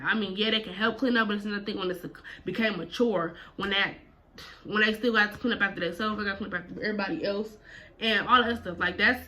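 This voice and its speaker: A woman's voice: medium pitch, bright, forceful tone. A woman vlogger telling a personal story casually, full of slang and cursing. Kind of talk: storytime vlog.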